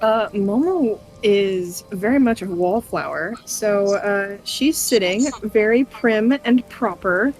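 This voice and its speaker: Woman, slow pace, tabletop player, measured, faint music. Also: medium pitch, a little mellow, poor audio. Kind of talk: describing her character.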